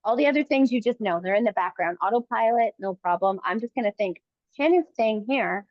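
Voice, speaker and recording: Woman fitness coach, slightly high voice, dull dry recording, gentle cueing. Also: dry recording. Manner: calm encouraging cues, often pausing between short phrases. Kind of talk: live coaching cues during a workout.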